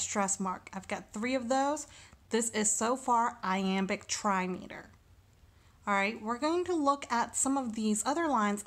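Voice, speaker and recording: Female teacher, unhurried and deliberate, mid-pitched, talks through a lesson step by step. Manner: slow and deliberate, sounding out syllables. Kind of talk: recorded lesson walkthrough.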